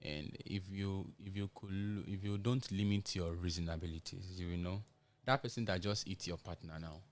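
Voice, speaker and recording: A man with a Nigerian English accent, talking in earnest and halting chat on a gospel radio show, restarting often and slipping into pidgin. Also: low voice, fairly even intonation.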